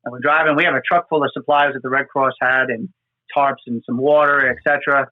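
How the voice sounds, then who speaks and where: A man with a mid-range, fairly even voice, slightly fast, hosts a podcast as an FDNY firefighter. He tells field stories earnestly and conversationally, packed with fillers, over dry, phone-like remote audio.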